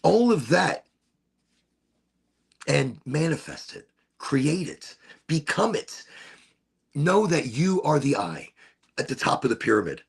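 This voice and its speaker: A man hosting his own podcast, rambling in a relaxed, playful and self-amused way. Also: a little high, slow, vocal fry, long pauses, husky. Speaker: podcast host. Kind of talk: casual stoned monologue.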